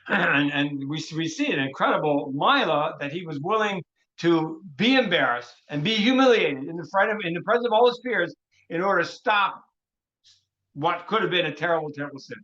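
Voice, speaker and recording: A man, a rabbi, teaching a Torah workshop through an animated story, often restarting phrases and dropping in Hebrew terms. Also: fairly high pitch, moderate pace, muffled recording.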